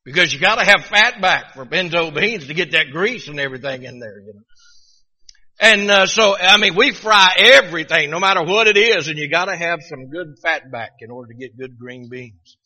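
A man's voice: on the high side, normal speed, bright, forceful tone, in a large hall. A middle-aged man from Virginia with a Southern accent, preaching a folksy sermon and often repeating his first words as he starts a sentence. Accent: Southern American. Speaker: pastor.

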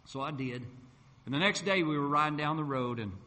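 A man delivers his testimony like a sermon, with a bright, ringing voice. He tells his story with energy and acts out each exchange. The sound carries a long hall reverb. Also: fairly high pitch, a little fast. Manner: lively storyteller who acts out dialogue. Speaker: preacher sharing his testimony.

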